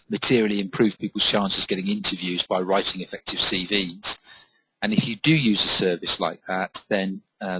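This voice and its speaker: A man's voice: fairly low pitch, sharp tone, husky, no echo, poor audio. A man giving a career advice talk, plain-spoken and stressing key points. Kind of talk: webinar-style talk.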